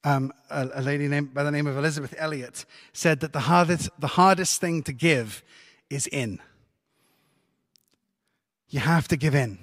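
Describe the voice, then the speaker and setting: This sermon comes from a male pastor with a fairly high voice, moving at a moderate pace with long pauses. He keeps it lively and conversational, joking with the congregation, while a long church reverb hangs around the sound.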